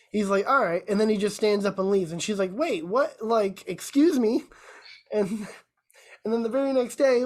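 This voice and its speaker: A woman's voice: medium pitch, darkish tone. A woman co-hosting a podcast, casually retelling a movie plot with lots of filler words. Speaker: podcast co-host. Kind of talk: casual chat.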